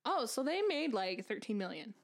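A woman's voice: a little high, very animated, moderate pace, noisy background. A woman co-hosting a casual chat, teasing and joking with her friend. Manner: teasing, jokey banter. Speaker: podcast co-host.

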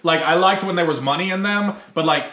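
A man's voice: sits high, brisk, bright, forceful tone, reverberant. A man hosting a casual group chat, teasing his co-hosts, laughing often and steering the talk with questions. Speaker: podcast host.

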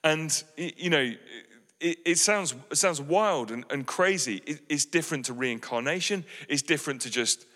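A male pastor preaches with an earnest, pleading warmth, restarting phrases and leaning on "you know". His voice is bright and forceful, a little higher than most men's. The sound carries a long reverb from a hall. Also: expressive, normal speed. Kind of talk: sermon.

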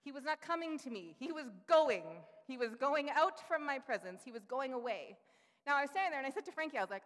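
A woman's voice: fairly high pitch, fast talker. A woman in her thirties preaching a sermon, telling personal family stories and acting out the voices of the people in them. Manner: animated storytelling, acting out quoted voices. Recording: long hall reverb.

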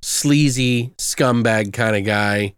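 A man's voice: medium pitch, slow pace, smooth, dry recording. A young man co-hosting a casual movie review podcast, rambling and loose, swearing freely, with lots of fillers.

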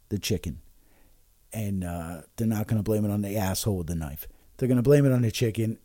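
A man's voice: lowish voice, dark tone, breathy edge, no echo, clean studio sound. A man hosting a podcast alone, rambling and swearing with many fillers and restarts while taking shots of liquor. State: drinking shots while talking. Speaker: podcast host. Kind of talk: casual rambling monologue.

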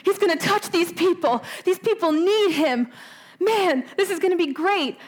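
A woman preacher voicing an excited, anxious young male disciple who talks urgently and repeats himself. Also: very high voice, moderate pace, voice pushed up. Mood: eager.

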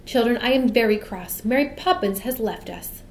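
A woman's voice: mid-range voice, normal speed, darkish tone, reverberant, slight background noise, natural voice, poor audio. A cross, indignant mother, as a woman reads her. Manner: scolding and exasperated.

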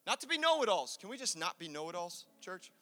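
High bright-voiced preacher in a hall. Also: male voice, very animated, quick pace. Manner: preaching with dramatic swings of volume and acted quotes. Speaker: pastor. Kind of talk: sermon. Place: church sanctuary. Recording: echoey church hall.

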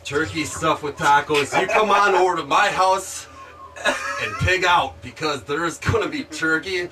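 Joking podcast co-host man, distant mic. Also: fairly high pitch. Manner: joking, drawn-out riffing with restarts. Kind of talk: casual chat. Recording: distant mic with loud music behind.

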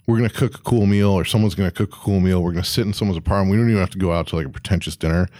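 A man tells a story in loose, casual talk, full of swearing and voiced quotes of the people in it. His voice sits low. The sound is dry and close, with no room around it. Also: rapid-fire, darkish tone, no echo. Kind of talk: casual anecdote.

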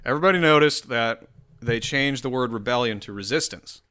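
A man's voice: medium pitch, fairly quick, bright, forceful tone. A man hosting his own solo show, rambling and swearing in a casual rant full of restarts. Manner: rambling, profane, self-interrupting.

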